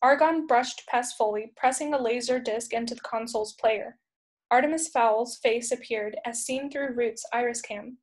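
A woman teacher reading a chapter book aloud, steady and clear. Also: on the high side, moderate pace. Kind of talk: read-aloud storybook narration.

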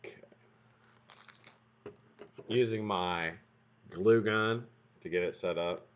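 A man's voice: low voice, takes it slowly. A man hosting a casual live stream from a room at home, chatting and swearing freely while building something at his bench. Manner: rambling, profane, joking asides to chat. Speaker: livestream host building vape coils. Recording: dull lo-fi stream audio.

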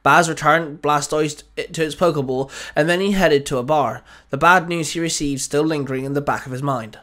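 A man reading a fan fiction story aloud in a steady storytelling voice. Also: on the high side, a little fast. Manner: steady reading with small restarts.

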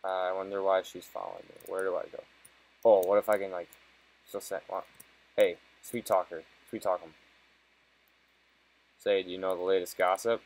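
Low-pitched and flat, this young gamer speaks at normal speed with vocal fry, long pauses and a slightly mellow quality. His casual let's-play commentary is full of profanity, mixing frustration with jokes, and the recording is rough.

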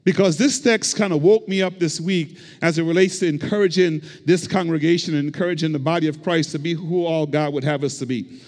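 A man's voice: on the high side, fairly even intonation, fairly quick, darkish tone. A male pastor preaching a sermon, with rhythmic repetition and call-and-response to the congregation. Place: church sanctuary. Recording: long hall reverb.

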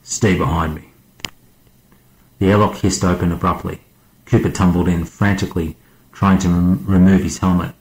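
A man narrating an audiobook as a guest reader, in a measured, steady way. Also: deep voice, echoey room, a little hiss or hum, poor audio.

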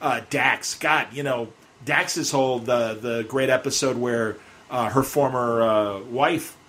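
A man's voice: mid-range voice, slow pace, a bit bright. Talkative man hosting a casual chat. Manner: opinionated, talkative, trails off mid-sentence. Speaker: host.

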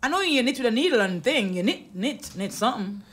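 A woman's voice: a little high, very animated, brisk, a bit bright, husky. A woman co-hosting a radio talk show, teasing her partner and laughing often. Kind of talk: casual radio chat.

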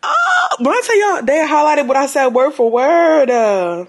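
A woman's voice: high voice, very animated, normal speed. A young woman vlogging casually, often laughing and exclaiming in disbelief. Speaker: lifestyle vlogger. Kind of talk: casual vlog chat.

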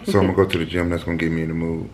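A man's voice: low voice, level tone, racing, very noisy. A young man, the vlogger's boyfriend, mumbling sleepily in slang from away from the mic. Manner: lazy mumbling, drowsy slang.

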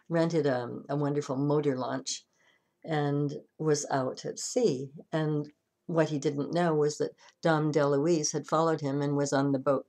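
A woman's voice: sits low, dark tone. A woman minister giving a sermon and retelling a story conversationally, with frequent restarts.

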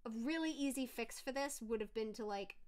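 A woman's voice: fairly high pitch, brisk, a little mellow. A woman streamer in casual live-stream commentary, reading messages aloud and reacting to them, with frequent fillers and self-interruptions.

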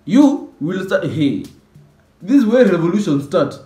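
A man doing a comic monologue about school types, animated and mock-outraged, dropping Swahili slang. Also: high-pitched, unhurried, reverberant, soft background music. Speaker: comedy sketch creator. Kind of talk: comedic monologue with skits.

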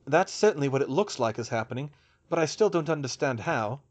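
A man's voice: medium pitch, expressive, brisk, lightly acted. A man voicing a matter-of-fact male healer who speaks plainly and clinically.

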